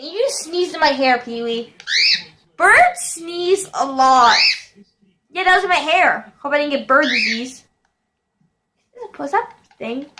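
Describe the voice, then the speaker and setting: A young woman giving casual commentary over a football video game, shouting and squealing at plays and chatting to her pet bird. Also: high voice, noisy background. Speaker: gaming video host.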